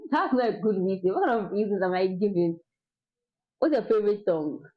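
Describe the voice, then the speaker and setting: A woman's voice: mid-range voice, lively intonation, a little fast. A young woman chatting casually as a vlogger, laughing often and breaking into bits of song. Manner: chatty, laughs often, sings snatches of songs. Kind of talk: casual chat. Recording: dull lo-fi sound.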